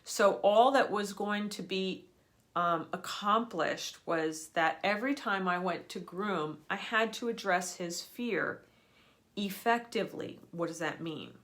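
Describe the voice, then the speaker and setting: A woman's voice: medium pitch, slow pace, fairly bright tone. A woman who is an energy healer, giving a live teaching talk in an earnest, explanatory and emphatic manner. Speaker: energy healer for people and animals.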